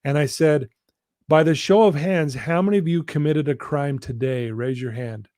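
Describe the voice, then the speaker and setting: Earnest man telling a story, slightly high. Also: darkish tone, no room sound, clean studio sound. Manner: earnest, drawn-out emphasis on key lines. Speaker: guest, personal-development coach. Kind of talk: storytelling in a live interview.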